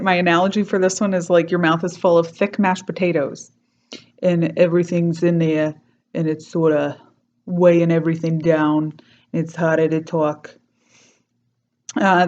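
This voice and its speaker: Low-voiced woman teaching accent sounds. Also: lo-fi sound. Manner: chatty, demonstrating sounds slowly. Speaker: dialect coach and teacher. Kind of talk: explaining accent sounds on camera. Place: home, decorated for Christmas.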